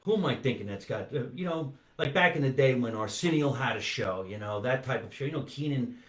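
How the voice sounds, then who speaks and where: An older man hosting a comedy podcast, telling lively anecdotes in casual chat. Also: medium pitch, fairly quick, echoey room. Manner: animated storyteller, swears, does voices in anecdotes. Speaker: podcast host.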